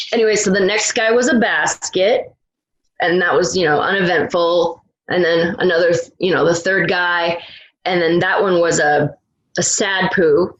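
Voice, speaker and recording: Woman guest rambling thru a story, laughs a lot, unhurried, room echo. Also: lowish voice, highs cut off. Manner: lively storyteller, frequent "like" and restarts, laughs. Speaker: retired rescue swimmer, podcast guest. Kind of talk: casual storytelling interview. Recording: roomy, echoey room.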